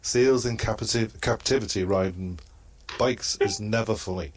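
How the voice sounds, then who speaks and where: A man doing a comedy roast in a halting, hesitant delivery and chuckling at his own crude jokes. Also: on the low side. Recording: noisy line.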